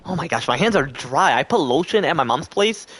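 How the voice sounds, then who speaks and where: A man streams live with a fairly high, animated, fairly bright voice that's slightly rough, captured in a dry recording. He speaks briskly, rambling casually to his chat in a stream-of-thought way and performing other people's lines as he goes.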